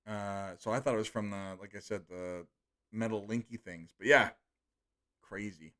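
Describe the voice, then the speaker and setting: A man's voice: on the low side, steady tone, normal speed, pushed and bright. A man on a live stream reading out viewer comments and chatting about them in a casual, offhand way. He swears freely and stumbles over unfamiliar names.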